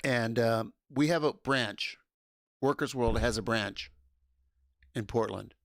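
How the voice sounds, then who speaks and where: A man hosting a casual livestream, loud and excitable, swearing and laughing often. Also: medium pitch, slow pace, dry recording, studio quality. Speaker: livestream host.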